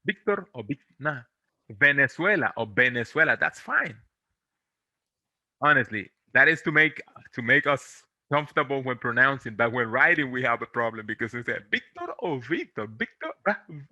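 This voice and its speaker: A man from America, teaching pronunciation in English, patiently drilling syllables and gently encouraging. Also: mid-range voice, big pitch swings, no room sound, dull audio. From Latin America. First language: Spanish. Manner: patient, drills syllables slowly and repeats them; encouraging, gently corrects and reassures. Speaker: Spanish teacher. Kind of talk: online pronunciation lesson.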